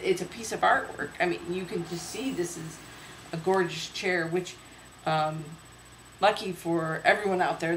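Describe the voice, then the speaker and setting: A woman's voice: fairly low pitch, slight background noise. Chatty woman hosting in an echoey room. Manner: chatty, hesitant, many fillers. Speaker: host. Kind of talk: casual home video show. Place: home room.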